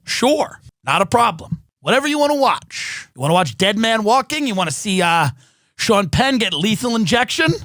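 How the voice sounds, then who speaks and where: High-voiced man ranting sarcastically. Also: very animated, normal speed, fairly bright tone, no echo. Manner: sarcastic, swearing, mocking. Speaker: comedian. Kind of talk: profane comedic rant.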